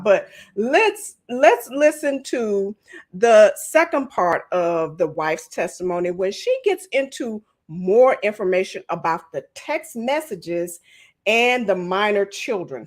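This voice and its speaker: A woman hosting a live stream, commenting in an expressive, exasperated way. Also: mid-range voice. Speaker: host.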